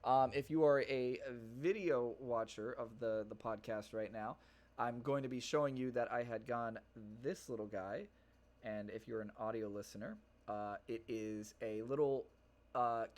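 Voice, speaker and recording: A young man hosting his own podcast, chatting casually and rambling, swearing freely with plenty of fillers and restarts. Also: mid-range voice. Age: young adult. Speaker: podcast host. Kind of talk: casual solo podcast chat.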